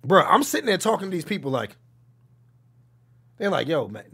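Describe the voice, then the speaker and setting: Brief: young male streamer, gravel in the voice, a bit husky, big loud-to-quiet swings. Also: high voice, normal speed. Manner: animated storytelling, swears freely, swings from loud to hushed. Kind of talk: casual chat reading a stream chat.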